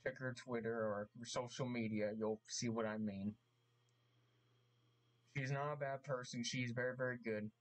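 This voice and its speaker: A man making an earnest vlog apology, speaking haltingly and repeating himself, getting emotional as he talks. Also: mid-range voice, fairly even intonation, low-quality recording. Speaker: vlogger. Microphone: mask on, camera vlog.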